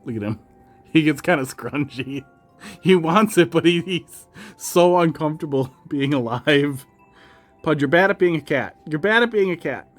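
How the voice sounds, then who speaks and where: A man's voice: on the high side, expressive, moderate pace. A man with a slight Wisconsin accent, streaming and chatting casually with viewers while talking to his cats in a sing-song voice. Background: faint music.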